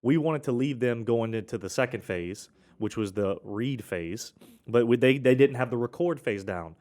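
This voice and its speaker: A man's voice: medium pitch, animated, moderate pace, a little mellow. A man hosting a casual accounting podcast, telling client stories with frequent restarts and a cough now and then. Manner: rambling, self-correcting, with frequent restarts.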